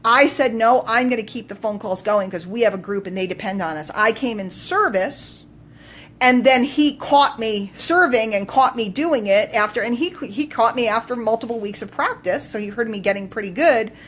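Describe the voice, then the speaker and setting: A woman coach telling a story on a live stream, emphatic and animated, swinging between loud bursts and quiet asides. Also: on the high side, normal speed. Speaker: business coach.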